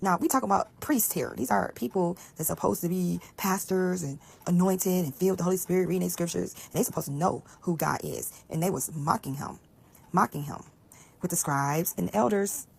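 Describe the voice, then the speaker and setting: A low-pitched woman with a gravelly, husky voice tells a scripture story in casual, conversational talk. She is animated and explains things aloud as she goes. At times her voice sinks to a near whisper. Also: brisk. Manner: animated, conversational, often drops to a hushed whisper. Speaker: Bible storyteller.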